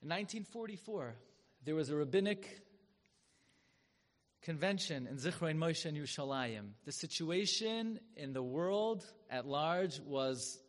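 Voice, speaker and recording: A man giving a sermon as a story. He talks with drama and turns loud and high when he acts out the people in it. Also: expressive, measured pace. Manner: dramatic, swells loud and high when acting out quoted rabbis. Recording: long hall reverb.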